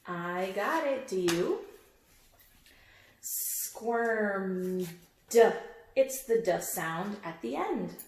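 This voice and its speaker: A woman teacher reads a picture book aloud slowly and deliberately. She repeats each word with emphasis and quizzes her listeners on how it ends. Her voice has a middling pitch, and a roomy echo surrounds it. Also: very animated, vocal fry, a little hiss or hum. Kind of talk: read-aloud phonics lesson.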